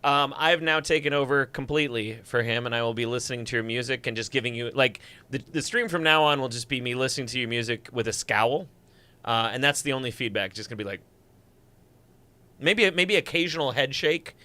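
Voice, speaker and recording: A man's voice: mid-range voice, fairly quick, sharp tone. A man from Superior, Wisconsin, a guest musician joking dryly in casual livestream chat. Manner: dry joking banter.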